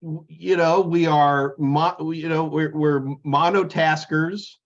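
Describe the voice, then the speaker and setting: A man's voice: a little high, takes it slowly. Middle-aged guy rambling and joking in a chat, kinda muffled lo-fi sound. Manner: rambling, jokey, animated storytelling. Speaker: podcast co-host. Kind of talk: casual chat.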